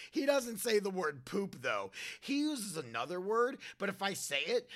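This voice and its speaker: A podcast host reads a comic letter aloud with wide-eyed, earnest innocence. The voice is bright and ringing, and its pitch jumps around eagerly as the reading goes on. The delivery is scripted and deadpan-sincere.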